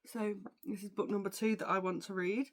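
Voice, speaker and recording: A woman's voice: mid-range voice, steady tone, brisk. A young woman, talking casually as a book vlogger. She is chatty and gushing, with lots of fillers, and sounds tired, yawning now and then. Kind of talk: casual chat about books.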